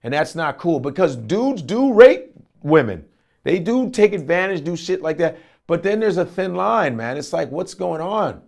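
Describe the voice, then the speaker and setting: A male comedian guest in a casual interview, telling animated stories and acting out voices. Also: on the high side, moderate pace, vocal fry. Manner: animated storytelling with acted-out voices.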